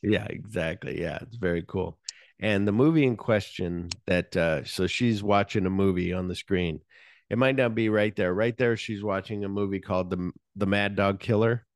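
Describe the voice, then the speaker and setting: A man's voice: fairly low pitch, moderate pace, no echo, clean studio sound. A man hosting a podcast, casually recapping a film's scenes with lots of swearing. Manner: animated scene retelling, frequent swearing. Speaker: podcast host. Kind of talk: casual movie-discussion chat.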